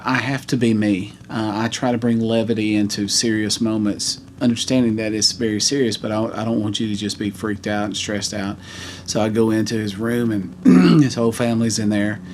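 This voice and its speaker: A man in his forties telling a heartfelt personal story in a vlog, earnest and halting. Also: on the low side, background noise. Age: 40s. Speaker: vlogger.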